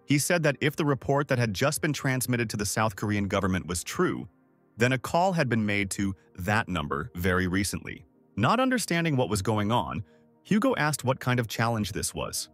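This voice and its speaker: A man's voice: lowish voice, sing-song, moderate pace, fairly bright tone, soft background music. A man narrating a comic recap in a scripted storytelling style.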